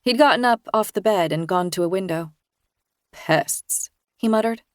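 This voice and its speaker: A woman reading a first-person thriller as an audiobook narrator, in a measured, even storytelling manner. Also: medium pitch, no room sound, clean studio sound.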